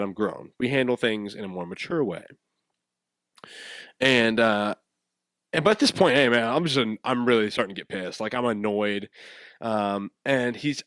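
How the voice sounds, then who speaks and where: A young man hosts his own podcast and tells a story in a loose, animated way. His pitch swings a lot while he laughs and stumbles over repeated words. The sound is dry and close, with almost no room in it. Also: no room sound. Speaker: podcast host. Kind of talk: casual storytelling monologue.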